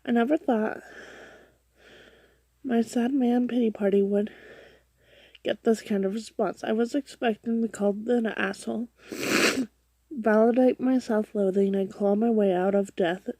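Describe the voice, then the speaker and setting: Gravelly, husky woman reading a post aloud. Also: on the high side, fairly even intonation, warm tone, no echo. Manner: halting reading with frequent restarts and self-corrections; drops to a whisper for her own asides. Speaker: reader of online posts.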